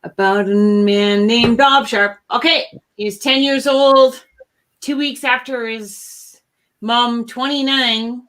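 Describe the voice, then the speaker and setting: A woman co-hosting a casual talk show, chatting in an animated, goofy way. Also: fairly high pitch, takes it slowly. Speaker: co-host. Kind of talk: casual chat.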